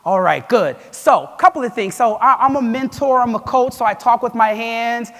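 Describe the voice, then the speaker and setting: A man in his thirties giving an energetic keynote speech, animated and chatty, joking at his own expense and calling out to the audience. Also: very high voice, moderate pace. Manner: animated, chatty, self-deprecating, with audience call-outs. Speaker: keynote speaker. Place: large event hall. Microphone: lapel mic. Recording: long hall reverb.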